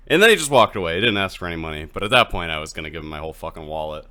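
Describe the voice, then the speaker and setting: A man co-hosting a casual podcast, telling an animated story and laughing a lot. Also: low-pitched, fast talker. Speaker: podcast co-host.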